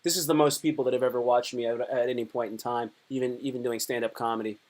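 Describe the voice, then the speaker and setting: A man's voice: medium pitch, steady tone, fast, a little mellow. Rambling crude joking man streamer. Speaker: live streamer and comedian. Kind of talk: casual live-stream chat.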